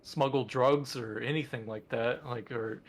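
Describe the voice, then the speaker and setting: A man's voice: mid-range voice, steady tone, unhurried. A man co-hosting a podcast in casual chat, rambling with enthusiasm and lots of fillers. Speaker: podcast co-host.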